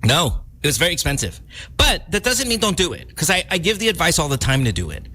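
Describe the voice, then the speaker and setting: A man's voice: a little high, big pitch swings, fast, pushed and bright. A middle-aged man hosting a radio morning show, teasing his co-host in casual, playful banter. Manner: teasing, playful, jokes and laughs often.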